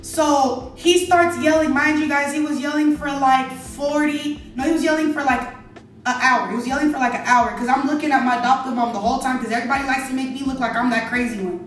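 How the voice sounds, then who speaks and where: A woman's voice: high voice, brisk, far from the mic, a little hiss or hum. A young adult woman telling a casual story, chatty and exasperated, talking straight to her viewers. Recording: very echoey room, away from mic, faint music.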